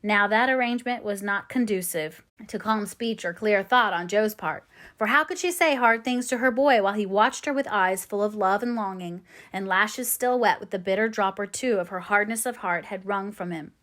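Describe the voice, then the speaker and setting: A woman reading a classic novel aloud as an audiobook narrator, in a clear, measured storytelling manner. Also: medium pitch, a bit bright.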